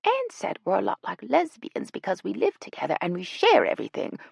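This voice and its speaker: A woman's voice: huge pitch swings, brisk, gravelly, slightly rough, no room sound, clean studio sound, exaggerated voice. Woman doing a fussy, huffy older lady. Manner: prim, huffy, high-strung.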